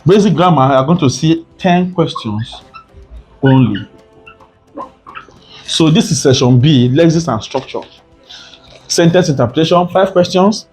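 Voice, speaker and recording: A man's voice: on the high side, lively intonation, measured pace, pauses often, a little mellow, faint music behind. A man teaching an exam prep lesson, often repeating points and asking rhetorical "what?" questions. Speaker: tutor.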